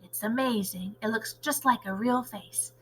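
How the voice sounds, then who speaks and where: A loving old grandmother who speaks softly and gently, a little lower than the reader's own voice, as a woman reading a storybook puts her on. The tone stays bright and clear. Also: unhurried, slight background noise, poor audio. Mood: hushed. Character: loving, worried older grandmother.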